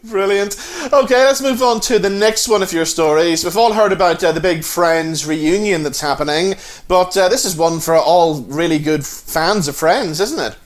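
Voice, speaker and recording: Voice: mid-range voice, normal speed. Upbeat co-host steering a chat. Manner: upbeat, encouraging interviewer. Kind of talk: casual chat.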